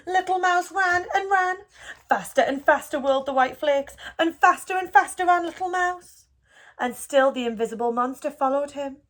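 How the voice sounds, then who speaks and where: Woman reading a kids story out loud for a school, high-ish voice, gentle and expressive. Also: moderate pace. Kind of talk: reading a picture book aloud.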